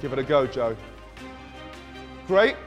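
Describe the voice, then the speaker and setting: A British man hosting a prank vlog outdoors, loud, hyped and playfully teasing. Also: fairly high pitch, animated, brisk, dull audio. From United Kingdom. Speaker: host. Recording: street crowd and music behind.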